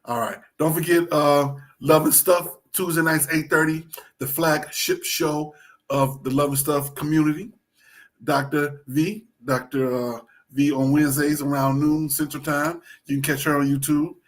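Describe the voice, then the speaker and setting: A man's voice: a little high, little pitch movement, moderate pace. A man co-hosting a sports talk show, chatting casually, repeating phrases and plugging other shows.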